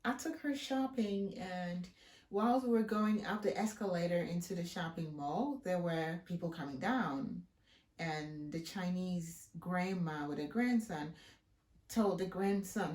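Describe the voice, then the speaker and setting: A woman's voice: on the low side, a little slow. A woman from Africa talking casually on her vlog, telling a story with emphatic delivery and then walking through a hair-care routine. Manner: emphatic, expressive storyteller who acts out quoted voices. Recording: roomy echo.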